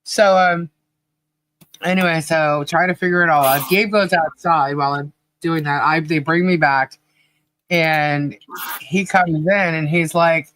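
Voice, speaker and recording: A woman's voice: lowish voice, moderate pace, fairly bright tone, poor audio. A woman co-hosting a podcast livestream, chatting casually and laughing often as she tells stories and calls out names from the chat. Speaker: podcast co-host.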